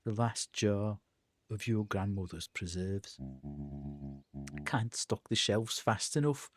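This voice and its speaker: A man doing a slow, low-voiced old shopkeeper. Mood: warm. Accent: Scottish.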